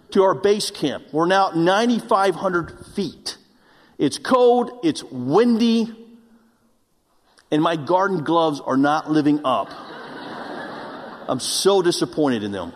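Preaching man in a reverberant church. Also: high-pitched. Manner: storytelling with self-mocking humor; earnest preaching to a congregation. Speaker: pastor. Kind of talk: sermon. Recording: long hall reverb.

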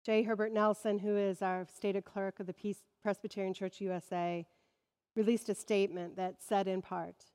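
A woman pastor preaches at a mid pitch, measured and steady, lifting into emphatic swells on key phrases. Her voice carries through a large space with a long reverb tail. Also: clean tone. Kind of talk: sermon.

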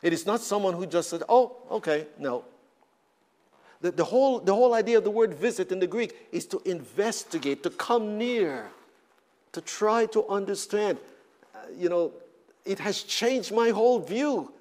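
A man's voice: sits high, lively intonation, moderate pace, darkish tone. A man preaching a sermon, repeating words and rising in emphatic bursts.

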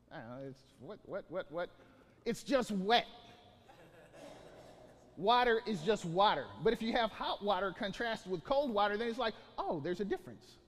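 A man's voice: sits high, in a large hall. A man preaching a sermon as pastor, building to emphatic bursts and often restarting his phrases.

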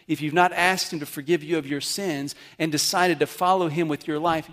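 A man preaching a sermon, teaching earnestly and checking with his listeners. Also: fairly high pitch. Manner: earnest teaching with questions to the congregation. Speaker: pastor. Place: church service.

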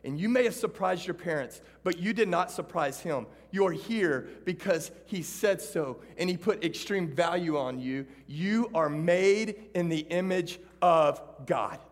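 Texan man preaching to students, fairly high voice, swings between rousing calls and quiet storytelling, long hall reverb. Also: unhurried, few pauses. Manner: animated, shifts from loud calls to hushed storytelling. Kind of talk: sermon to students.

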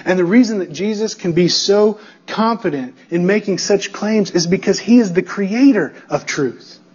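A man's voice: sits high, normal speed, a little mellow, breathy edge, muffled recording. A male pastor preaching an expository sermon, emphatic and building through repetition, checking in with the congregation.

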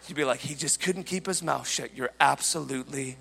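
A man preaching a sermon, telling a story in an animated way and shouting at the high points. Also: brisk, vocal fry. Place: church hall. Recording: large hall reverb with faint music.

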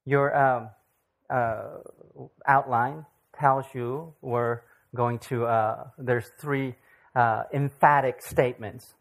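A visiting Bible teacher leading a casual church study, speaking haltingly with frequent fillers and often checking in with the group. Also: mid-range voice, fairly even intonation, creaky. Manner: halting, many fillers, keeps checking in with "okay?". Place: church gathering.

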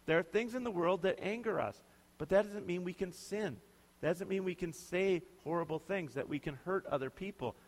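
Conversational pastor in a reverberant hall. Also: male voice, high voice, moderate pace. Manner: conversational, emphatic, asks the congregation questions. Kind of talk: sermon.

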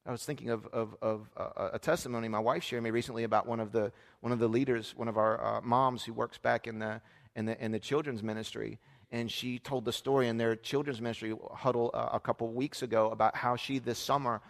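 A man's voice: mid-range voice, steady tone, brisk, vocal fry. A man in his thirties preaching a sermon as pastor, talking in an earnest, conversational way with frequent fillers and restarts. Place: church sanctuary. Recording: long reverb of a large church hall.

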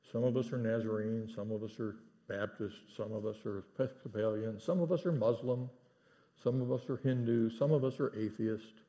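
A middle-aged man delivers a sermon in a church sanctuary. His voice sits in an ordinary middle register. He speaks earnestly and drops to a hushed tone to land key points. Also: mid-range voice. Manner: earnest preaching, drops to hushed tones for emphasis. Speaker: pastor.

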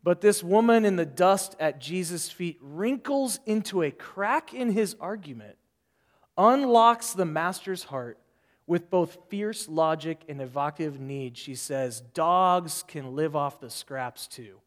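A male pastor preaching a sermon in an animated way, acting out the voices of people in the story. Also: high-pitched, measured pace, long reverb tail.

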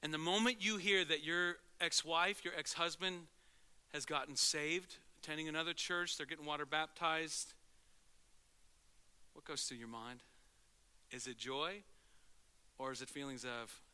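A male pastor preaching a sermon in an animated way, swinging from loud to hushed and acting out quotes. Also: on the high side, measured pace, long pauses, clean tone.

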